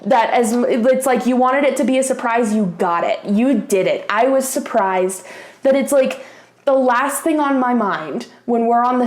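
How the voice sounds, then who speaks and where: A young woman tells a story to her camera in a loose, chatty way, full of fillers and casual swearing. Her voice sits a little high, and the room around her has a noticeable echo. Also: a little mellow. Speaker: craft vlogger.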